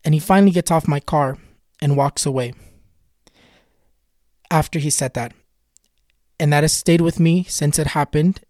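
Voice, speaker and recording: A man's voice: fairly high pitch, steady tone, moderate pace, long pauses, darkish tone, no room sound, clean studio sound. A man casually telling a personal spooky story in an earnest, repetitive way, often retelling what was said. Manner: earnest, retells dialogue with many "he goes" quotes; repetitive, builds suspense. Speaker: spiritual storyteller and tarot reader.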